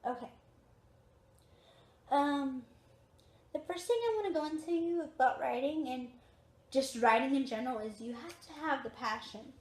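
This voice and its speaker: High, chatty young woman vlogging. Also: normal speed, long pauses, echoey room. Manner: chatty, repetitive, emphatic. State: tired, yawning. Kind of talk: casual chat to camera. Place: at home on a recliner.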